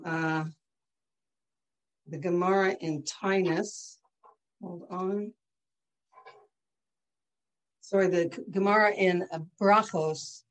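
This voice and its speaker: A woman's voice: on the low side, rough recording. A woman teaching a religious lesson in a conversational way with frequent fillers, moving between explanation and storytelling.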